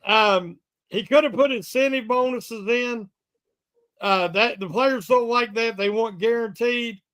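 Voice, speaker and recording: A man with an unusually high voice gives his take on a sports podcast. He talks in a measured, halting way, padding his thoughts with fillers. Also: a bit bright. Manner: measured, hesitant, with many fillers. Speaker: podcast co-host. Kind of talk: casual sports debate.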